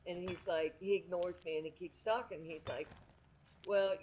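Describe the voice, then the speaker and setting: A woman's voice: lowish voice, fairly even intonation, normal speed, darkish tone, a little hiss or hum, low-quality recording. A middle-aged woman streaming from home, chatting candidly and rambling with frequent restarts. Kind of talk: casual chat.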